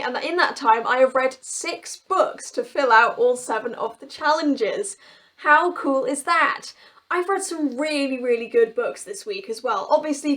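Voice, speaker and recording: A woman's voice: fairly high pitch, fairly bright tone. A young woman talking casually to camera about books she has read, chatty and enthusiastic. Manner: chatty and enthusiastic, laughing often. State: tearful and emotional. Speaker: book vlogger. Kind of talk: casual vlog talk to camera.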